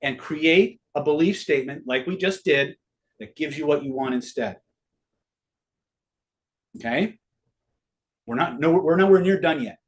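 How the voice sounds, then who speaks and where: Brief: middle-aged male coach with a slightly high voice, loose and profane, checks in with his class. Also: a little slow, pauses often. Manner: casual, swears freely, quizzes the audience. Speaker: online seminar teacher. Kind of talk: live online master class.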